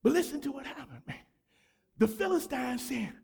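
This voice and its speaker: A man preaching a sermon to a church congregation, fervent and repetitive, often breaking into shouts. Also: extremely high pitch, expressive, normal speed, vocal fry. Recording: long hall reverb.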